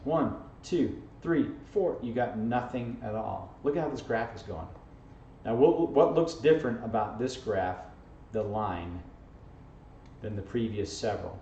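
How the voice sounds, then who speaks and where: This man teaches algebra with a mid-range, creaky, darkish voice, keeping things jokey and tossing out "okay?" and "right?" constantly. It's an informal video math lesson. The camera sits across the classroom, so the sound comes out distant, echoey and dull, with a faint hiss.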